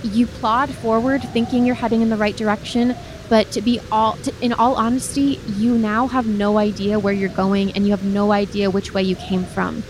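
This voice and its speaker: A woman's voice: medium pitch, level tone, moderate pace, background noise. A woman narrating a tabletop game as game master, describing scenes with frequent restarts and addressing the player by name.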